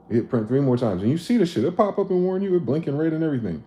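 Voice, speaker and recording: Profane animated man on a livestream. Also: mid-range voice, racing, hardly any pauses. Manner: animated, profane, acts out both sides of conversations. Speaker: livestream host. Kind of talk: casual livestream monologue. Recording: echoey room with faint ambient noise.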